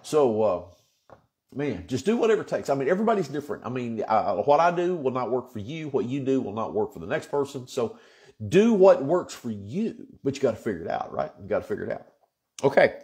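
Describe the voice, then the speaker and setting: A man's voice: mid-range voice, sing-song, brisk, a little mellow. A man pastor, leading a casual, earnest Bible study chat with folksy asides. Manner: folksy, chatty and earnest, with frequent fillers.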